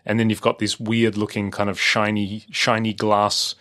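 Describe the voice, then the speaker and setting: A man's voice: fairly low pitch, flat delivery, moderate pace, sharp tone. A man with an Australian accent, co-hosting a podcast in casual chat, rambling with many fillers and restarts. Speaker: podcast co-host.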